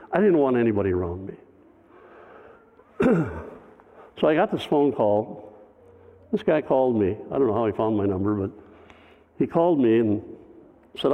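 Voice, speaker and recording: A man, a pastor, telling a personal story in a sermon, conversational with wry humor. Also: on the low side. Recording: phone-like, long hall reverb.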